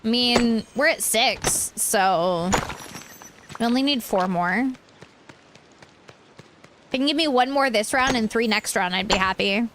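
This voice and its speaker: A woman's voice: a little high, a little slow, pauses often, background noise. Tired, rambling young woman streamer. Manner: rambling, frustrated, drops swear words. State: tired, yawning. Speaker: game streamer. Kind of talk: casual chat while playing a game.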